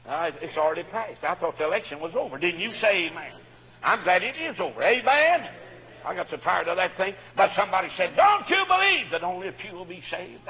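A man preaching a sermon, fervent and swinging between quiet storytelling and shouts. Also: high-pitched, very animated, a little fast. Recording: phone-like audio with long hall reverb.

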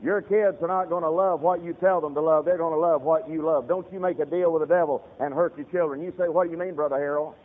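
A man's voice: fairly high pitch, fairly even intonation, fast, hardly any pauses, in a large hall. A man preaching a fiery sermon, telling stories and addressing his congregation directly. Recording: tinny radio broadcast.

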